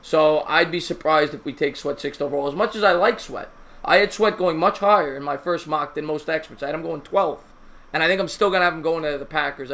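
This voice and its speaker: A man's voice: a little high, fairly bright tone. A man hosting a live call-in sports talk show, chatty and teasing his callers.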